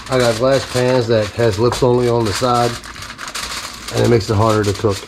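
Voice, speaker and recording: A man's voice: medium pitch, level tone, moderate pace, gravelly. A man with an ordinary mid-range voice talks his way through a home cooking video in a loose, chatty manner. He stops now and then to talk to his dog, and a faint hiss sits under his voice. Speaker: cooking vlogger. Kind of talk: casual cooking demonstration. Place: home kitchen.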